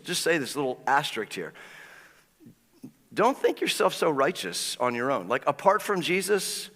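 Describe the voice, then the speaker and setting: Male pastor, conversational sermon, bright voice, reverberant church hall sound. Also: fairly high pitch. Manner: conversational preaching with quick repetitions and acted quotes.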